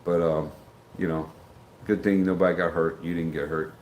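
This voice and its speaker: A man's voice: deep voice, level tone, moderate pace, a little mellow, slight background noise. A middle-aged man hosting a casual livestream, rambling as he greets chat viewers by name. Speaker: livestream host. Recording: roomy with faint background ambience.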